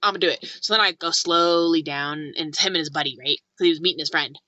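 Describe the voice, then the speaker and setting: A woman's voice: deep voice, quick pace, dry recording, muffled recording. A young woman from California telling a story in a casual vlog, chatty, full of "like", acting out what people said. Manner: chatty, lots of "like", animated quoting. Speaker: vlogger.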